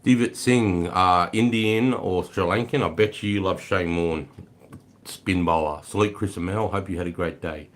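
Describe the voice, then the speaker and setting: A relaxed Australian man with a very deep, low voice chats through a livestream. He greets viewers by name, calls them mate and brother, and swears casually. He sounds easygoing and unhurried. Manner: swears freely, laid-back, greets chatters as mate and brother. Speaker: livestream host. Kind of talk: casual livestream chat reading comments.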